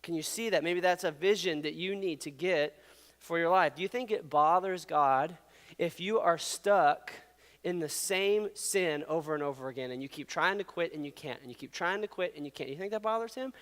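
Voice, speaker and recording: A man in his thirties preaching a sermon as a youth pastor, animated, conversational and jokey. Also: fairly high pitch, normal speed, long reverb tail. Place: church hall.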